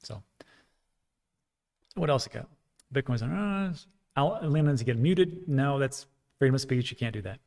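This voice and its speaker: Gravelly man hosting a casual livestream. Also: medium pitch, expressive, a little slow, long pauses, darkish tone. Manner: rambling, frank, self-deprecating, with frequent fillers. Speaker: crypto livestream host. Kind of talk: casual livestream chat reading viewer comments.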